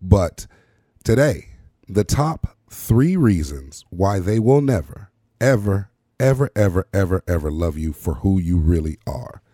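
A man's voice: low-pitched, sing-song, unhurried, mellow, no echo, studio quality. A man hosting his own show, talking in an emphatic, preacher-like way that repeats words for effect. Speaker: podcast host. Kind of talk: motivational monologue.

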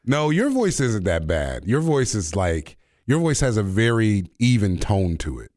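A man's voice: lowish voice, very animated, unhurried, a little mellow, no echo, clean studio sound. A young man hosting a radio talk show in casual, playful chat, laughing often and joking about himself. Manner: playful, laughs often, jokey self-mocking asides.

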